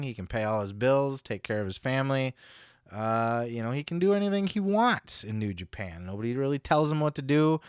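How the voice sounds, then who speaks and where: A man hosting a podcast, reacting to a clip with excitable, profane commentary and laughing asides. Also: mid-range voice, clear, resonant tone, no room sound, clean studio sound. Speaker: podcast host.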